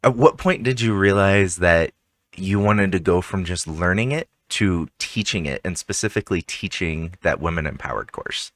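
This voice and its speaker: A man's voice: deep voice, moderate pace, fairly bright tone, no room sound. A man hosting an interview podcast, upbeat and casual, chuckling now and then. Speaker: podcast host.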